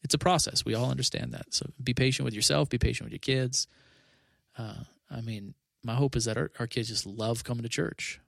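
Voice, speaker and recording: A man's voice: mid-range voice, fairly even intonation, fairly quick, vocal fry, no echo, clean studio sound. A man who is a pastor, talking earnestly in a casual podcast conversation, often restarting and adding 'you know'.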